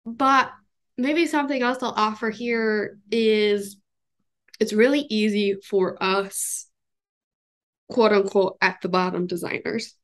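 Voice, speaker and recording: A woman hosting a podcast interview, talking thoughtfully in a casual way with fillers and small laughs. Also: medium pitch. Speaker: podcast host.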